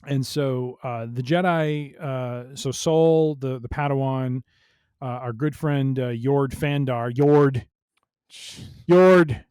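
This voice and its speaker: A man with a smooth, resonant, mid-pitched voice recaps a story casually, full of fillers. His tone stays playful, and the sound is close and dry. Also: fairly even intonation, slow pace, a little mellow, no room sound. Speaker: podcast co-host. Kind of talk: casual chat.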